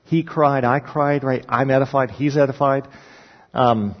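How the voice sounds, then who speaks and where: A man, a pastor, telling a personal story in a sermon with animated, rising emphasis when he recounts his prayers. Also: medium pitch, measured pace. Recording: dull sound with long reverb in a large hall.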